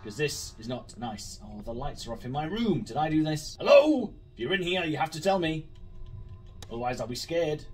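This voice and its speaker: A man's voice: fairly high pitch, lively intonation, fairly quick, recorded from a distance. A man commentating a horror game, swearing a lot, jumpy and sarcastic. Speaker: gaming YouTuber.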